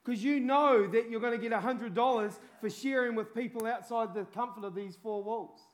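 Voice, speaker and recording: A man's voice: very high voice, moderate pace. A man preaching a sermon with fervent urgency, peppering it with casual slang.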